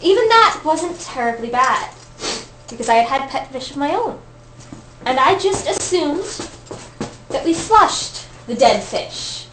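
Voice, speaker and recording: A woman's voice: sits high, sing-song, unhurried. A woman telling a comic personal story at an open mic, chatty and laughing often. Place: event room, audience present. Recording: echoey room, distant noisy mic.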